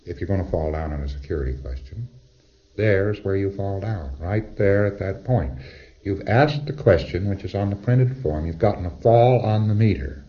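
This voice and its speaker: Low-voiced guy lecturing, wry, acts out little back-and-forths, old muffled recording. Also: moderate pace. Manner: conversational, wry, acts out exchanges.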